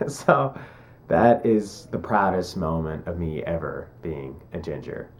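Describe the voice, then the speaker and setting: A young man with a deep voice speaks slowly while vlogging a casual story. He's chatty and joking, acting out what people said.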